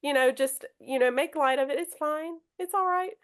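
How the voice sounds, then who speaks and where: A woman teacher leads a live podcast lesson in a fairly high voice. She talks in a loose, chatty way, stumbling and restarting her sentences as she goes. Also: normal speed. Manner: chatty, hesitant, many restarts.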